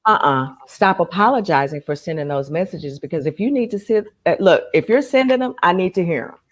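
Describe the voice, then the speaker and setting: A woman with a lowish voice speaks on a casual podcast. She tells her stories with firm emphasis and drops in a "honey" or a "darling". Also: lively intonation, a little fast. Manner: emphatic, storytelling, calls people honey and darling. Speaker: podcast guest.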